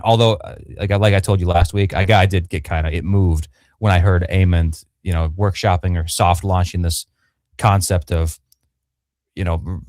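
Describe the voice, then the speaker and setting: A man's voice: sits low, a little mellow, no echo, studio quality. A man co-hosting a casual livestream review, talking in a joking, emphatic, playful way. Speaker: podcast co-host. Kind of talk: casual fan review chat. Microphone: livestream microphone.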